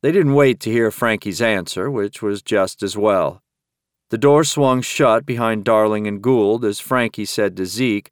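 A man narrating an audiobook in a steady, measured storytelling manner. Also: lowish voice, clear, resonant tone, dry recording, studio quality. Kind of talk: scripted narration.

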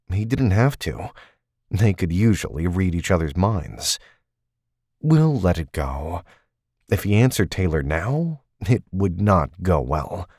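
Deep voiced guy reading a novel, lively inflection, close mic. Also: husky, no room sound. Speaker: audiobook narrator. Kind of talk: scripted novel narration.

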